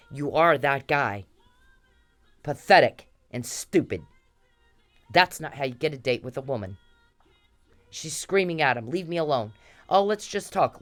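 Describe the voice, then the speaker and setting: An angry woman speaking straight into the camera, confronting someone she wants out of her life. Her talk is blunt and profane, and she drives her points home by repeating phrases again and again. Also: low-pitched. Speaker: vlogger. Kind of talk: angry direct-to-camera rant.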